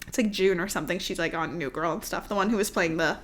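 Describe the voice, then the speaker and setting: A woman co-hosting a podcast in casual, animated chat, swearing freely and acting out quotes. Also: on the low side, fast talker. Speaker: podcast co-host.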